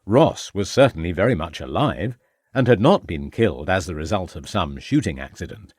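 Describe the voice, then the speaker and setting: A man narrating a mystery audiobook in a measured, expressive storytelling manner. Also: low voice, slightly rough, dry recording.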